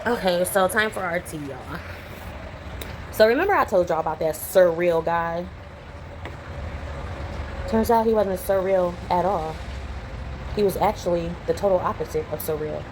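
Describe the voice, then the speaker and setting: A young adult woman, chatting casually to camera at home as a vlogger and telling stories in a lively way. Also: lowish voice, normal speed, pauses often, noisy background. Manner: chatty storytelling, animated when retelling. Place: home, indoors.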